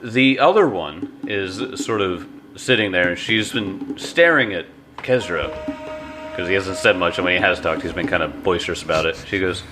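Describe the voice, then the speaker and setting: Male game master, low voice, easygoing narration, music bed behind. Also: normal speed.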